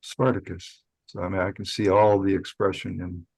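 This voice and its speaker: A man's voice: sits low, flat delivery, normal speed, creaky, a little mellow, husky, dry recording, low-quality recording. A man chatting casually about his growing, laid-back and rambling with fillers. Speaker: home cannabis grower guest. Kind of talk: casual group chat.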